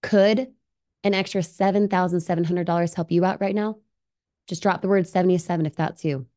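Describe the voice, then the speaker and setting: A woman's voice: lowish voice, steady tone, a little fast, warm tone. A woman presenting a live online webinar, upbeat and persuasive, often asking viewers questions and reading their comments aloud. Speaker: livestream presenter.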